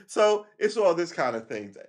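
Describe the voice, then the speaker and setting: A man hosting a casual livestream, ranting with heated emphasis, swearing often and checking in with "right?" between points. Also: sits high. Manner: keeps asking "right?" and laughs between points. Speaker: livestream host.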